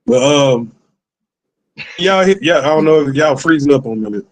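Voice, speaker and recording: A man's voice: on the high side, animated, moderate pace, crowd noise. A man hosting an online show, wrapping up in a loose, rambling, slangy way. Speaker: show host. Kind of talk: casual stream sign-off. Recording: distant, echoey stream audio.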